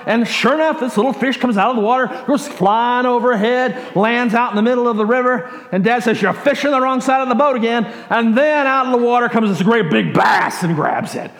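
A male pastor preaching a sermon as a lively story, stringing his sentences together with "and" as the excitement builds. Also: very high-pitched, fairly quick, creaky, hardly any pauses. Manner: animated, builds excitement in long chains of "and". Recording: roomy echo.

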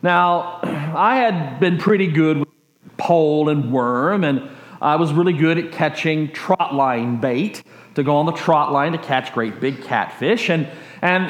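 A male pastor preaching a sermon as a lively story, stringing his sentences together with "and" as the excitement builds. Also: fairly high pitch. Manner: animated, builds excitement in long chains of "and". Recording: roomy echo.

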